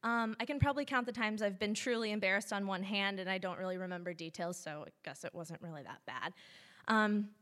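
A woman's voice: mid-range voice, brisk, fairly bright tone. A woman in her twenties from Missouri tells a personal story to a live audience, chatty, with many ums and laughing asides. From St. Louis, Missouri, US.

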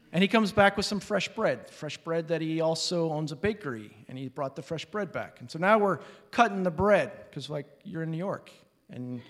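A man from Alaska telling a personal story on stage, animatedly acting out relatives' lines. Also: on the high side. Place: hall before an audience. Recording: reverberant hall.

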